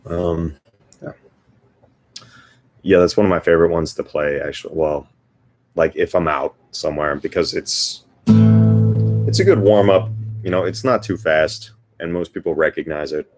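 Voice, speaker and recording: A man with a very low voice talks loosely to his stream audience between requests. He rambles, fills gaps with "um" and "like," and pokes fun at himself. Guitar music rings out clearly behind him. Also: steady tone, moderate pace. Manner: rambling and self-deprecating, with many fillers. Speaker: guitarist hosting a live stream. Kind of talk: casual live-stream chat between songs. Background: guitar playing.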